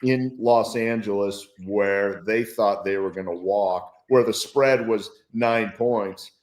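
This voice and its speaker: Brief: male sports guest, low voice, keen and reflective, heard in a roomy space. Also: slow, darkish tone. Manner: enthusiastic, reflective. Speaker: guest football analyst. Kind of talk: casual sports talk.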